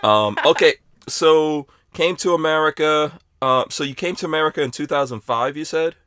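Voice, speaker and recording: A man's voice: a little high, moderate pace, a bit bright, smooth, dry recording. A man hosting a podcast in a rambling, playful way, reading out chat comments. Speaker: podcast host.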